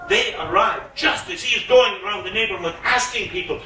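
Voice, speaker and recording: Male storyteller, high bright voice, playful bawdy delivery, echoey room, mic far off. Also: brisk, hardly any pauses, faint music behind. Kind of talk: live storytelling performance. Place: live concert venue. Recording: roomy echo, mic at a distance.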